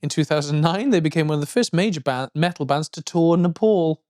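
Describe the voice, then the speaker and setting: Jokey rambling man, fairly high voice. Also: a little fast, a little mellow, no room sound, studio quality. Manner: rambling, jokey, yelps high in mock vocals. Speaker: podcast co-host. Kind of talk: casual chat.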